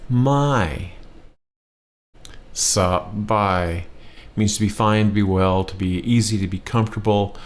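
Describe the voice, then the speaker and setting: A man teaching a language lesson, patiently repeating words slowly for learners. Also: low voice. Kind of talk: slow spoken language lesson.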